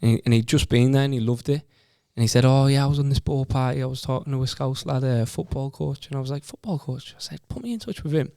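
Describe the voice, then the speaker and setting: Gravelly young Teesside man, earnest. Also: medium pitch, fast, few pauses, mellow, dry recording, studio quality. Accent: Teesside English. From Stockton-on-Tees, England. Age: 20s. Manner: repeats words and restarts often, earnest. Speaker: podcast guest. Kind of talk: casual conversational storytelling.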